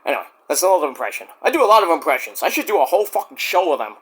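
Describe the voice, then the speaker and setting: A man reviewing wrestling in loose, rambling chat, full of fillers and swearing. His bright voice jumps around lively in pitch. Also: rapid-fire, a little hiss or hum. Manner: rambling, profane, many fillers. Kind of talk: casual chat.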